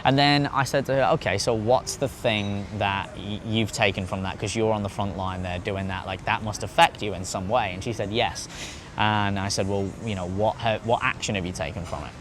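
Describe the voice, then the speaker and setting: A man's voice: fairly low pitch, fairly even intonation, moderate pace, a bit bright, a little hiss or hum. A man talking as a podcast guest in casual conversation, rambling off on tangents and swearing freely.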